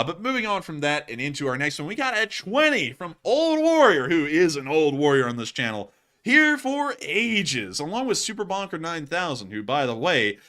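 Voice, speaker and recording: A man hosting a livestream, chatting casually and jokingly as he reads out viewer donations. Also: a little high. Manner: animated and jokey, lots of fillers. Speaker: livestream host.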